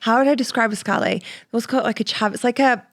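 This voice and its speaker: Host, woman from Manchester, Mancunian accent; higher voice, lively and playful. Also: quick pace. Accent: Mancunian English. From Manchester, England. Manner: animated, playful, swears casually. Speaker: podcast host. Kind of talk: casual podcast chat.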